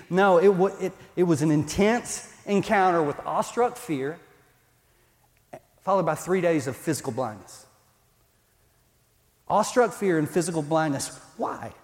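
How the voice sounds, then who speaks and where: A man's voice: high voice, measured pace, a little mellow. A male pastor, preaching a sermon in a conversational, emphatic way. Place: church. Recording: long reverb in a church hall.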